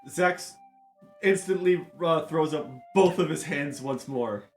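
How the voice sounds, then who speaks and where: A man's voice: fairly high pitch, slow, faint music behind. A man playing a tabletop game, eagerly describing his character's actions and stumbling over his words. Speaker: player. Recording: roomy echo.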